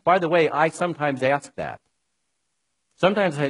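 Husky-voiced New preacher. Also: male voice, on the high side, moderate pace, low-quality recording. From New York. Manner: chatty, wry, talks straight to listeners. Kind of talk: conversational sermon.

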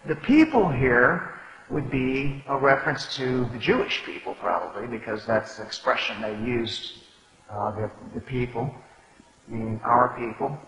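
A man's voice: medium pitch, animated, a little slow, a bit bright. A man preaching a sermon, explaining scripture in a conversational way and reading verses aloud. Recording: echoey hall with long reverb.

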